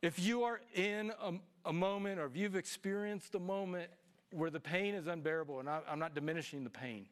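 A middle-aged man preaching a sermon as pastor, animated and swinging between hushed lines and shouts. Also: high voice, a little fast.

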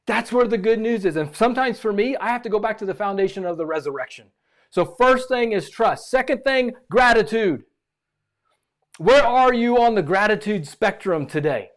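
A man preaching a sermon as pastor, animated and repeating phrases for emphasis. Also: high-pitched, moderate pace.

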